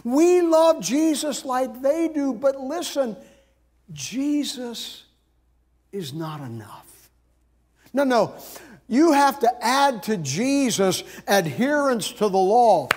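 A man's voice: extremely high pitch, lively intonation, slow, darkish tone, voice pushed up, full character voice. A preacher voicing smug male false teachers with a mock-friendly, sing-song delivery. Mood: wheedling.

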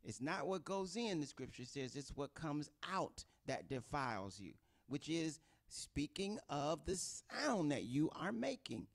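A middle-aged man delivers a relaxed, conversational sermon. His pitch swings up and down a lot, and he slips into quoted voices to make a point. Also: a little slow, hardly any pauses. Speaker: pastor. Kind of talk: informal sermon teaching.

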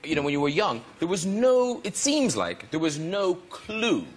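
A man with an Irish accent hosting a chat show, teasing his guests with quick-witted banter. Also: sits high, big pitch swings. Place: television studio with live audience. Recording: noisy studio, loud audience laughter.

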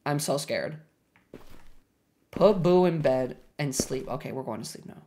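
A woman's voice: rumbling low, expressive, a little slow, warm tone, a little hiss or hum. A young woman streaming a horror game live, chatting with viewers and shrieking when scared.

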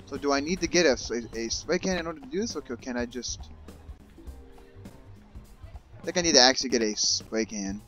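A man giving casual let's-play commentary, excitable, yelling and swearing at characters in the game. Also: medium pitch, quick pace, soft background music. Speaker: gaming YouTuber.

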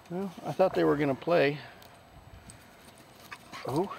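A man with a slightly high, gravelly voice talks slowly and fondly to the dogs at a rescue kennel, his pitch swinging widely as he slips into high baby-talk. Barking dogs and a faint hum fill the background. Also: animated, a little mellow. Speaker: dog rescue caretaker.

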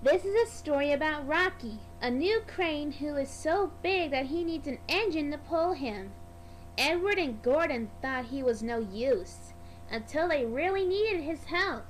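High-voiced woman reading a storybook slowly. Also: slight background noise, low-quality recording. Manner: slow, careful read-aloud. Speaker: storybook narrator.

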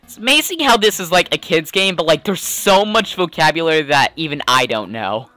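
A man's voice: on the high side, lively intonation, fairly quick, hardly any pauses, sharp tone, faint music behind. A man giving casual, rambling commentary while playing a video game. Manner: chatty, rambling, lots of "like" and "uh". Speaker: let's player.

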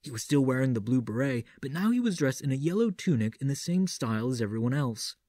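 A man narrating an audiobook in a measured, theatrical manner, doing an impression of a classic horror-film actor. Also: mid-range voice, very animated, mellow, dry recording. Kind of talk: audiobook reading doing a Vincent Price impression.

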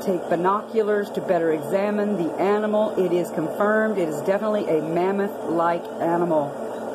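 A woman's voice: medium pitch, background noise. A woman reading a diary aloud and adding earnest commentary, addressing her listeners as brothers and sisters. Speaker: video narrator.

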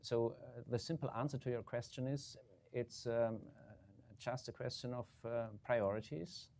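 A man answering questions as a government state secretary on a panel, measured, with frequent ums and uhs. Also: mid-range voice, fairly even intonation, gravelly, darkish tone. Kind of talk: panel discussion remarks.

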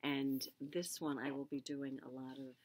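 A woman with a low voice talks casually as a co-host of a yarn shop video. She rambles a little and pauses with fillers while she hunts for names and details. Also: little pitch movement, a little mellow. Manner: rambling, searches for words with many fillers. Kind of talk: casual chat.

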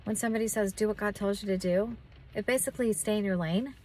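A woman's voice: mid-range voice, fast, a little mellow, recorded from a distance, slight background noise, poor audio. Earnest woman minister praying aloud. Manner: earnest and encouraging, with frequent restarts. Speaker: self-described prophetic minister. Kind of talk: encouraging talk and spoken prayer.

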